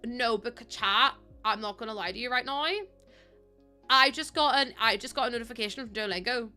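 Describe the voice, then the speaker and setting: Excitable girl streaming, bright higher voice, chatty and giggly, faint music behind. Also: brisk. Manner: excitable, chatty, laughs often. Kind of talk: casual live-stream chat.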